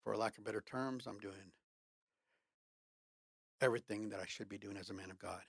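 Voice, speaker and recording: A man's voice: lowish voice, moderate pace, creaky, slightly rough, dry recording, clean studio sound. A man co-hosting a casual conversation, talking earnestly and with the repetitive, preacherly phrasing of a man of faith. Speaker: podcast co-host.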